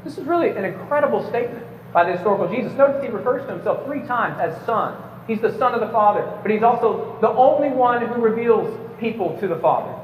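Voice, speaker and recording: A man's voice: high voice, expressive, fast talker, few pauses, slight background noise. A man giving an emphatic prepared debate speech to a live audience, lecturing with occasional stumbles and light jokes. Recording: echoey hall, distant mic, slightly dull.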